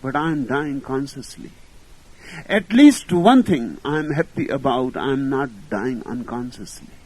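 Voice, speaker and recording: A man's voice: mid-range voice, animated, measured pace, darkish tone, low-quality recording. A man voicing a dying middle-aged man who pleads and questions indignantly. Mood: tender.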